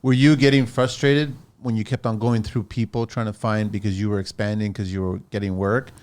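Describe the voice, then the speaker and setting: Low-voiced podcast host asking questions. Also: male voice, flat delivery, brisk, darkish tone, smooth. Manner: probing questions, short affirmations. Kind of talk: interviewing guests in casual chat.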